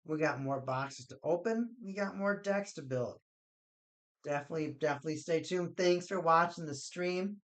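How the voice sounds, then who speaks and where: A man's voice: a little high, moderate pace, fairly bright tone. A man chatting casually on a live stream while building card game decks, rambling and joking with his chat.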